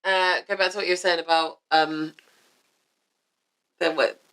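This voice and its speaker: A woman's voice: fairly low pitch, fairly even intonation, measured pace, a bit bright, clear, resonant tone, rough recording. A woman co-hosting a casual chat podcast, teasing dryly and backing up her friend, feeling unwell. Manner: dry teasing asides, supportive agreement. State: unwell, cough. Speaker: podcast co-host.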